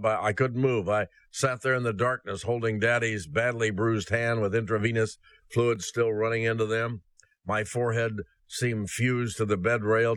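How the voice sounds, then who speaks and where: A man's voice: mid-range voice, fairly bright tone, no room sound. A man hosting a ministry podcast. He reads a personal story aloud, then gives an earnest devotional message that addresses listeners as brothers and sisters.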